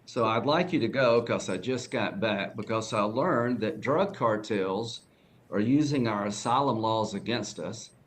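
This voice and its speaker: A man's voice: fairly low pitch, unhurried, slight background noise. A man questioning a witness at a formal hearing, asking pointed, pressing questions.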